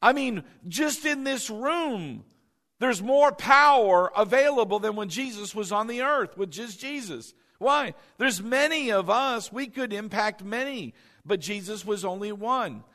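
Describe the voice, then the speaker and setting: High-voiced man preaching in a reverberant hall. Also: expressive, unhurried, fairly bright tone. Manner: emphatic, repeats key phrases, asks the congregation questions. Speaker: pastor. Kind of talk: sermon. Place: church hall with a congregation.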